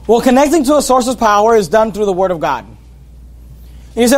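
A male preacher with a strikingly high voice delivers a sermon. He talks emphatically, repeats key phrases and reads scripture aloud in old-style wording. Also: big pitch swings, quick pace, long pauses. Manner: emphatic, repetitive, quotes scripture in King James wording.

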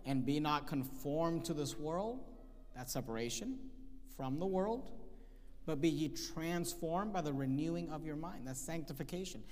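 A man preaching a sermon, emphatic, reading scripture slowly and repeating key phrases. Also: fairly high pitch, lively intonation. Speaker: pastor. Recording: long hall reverb.

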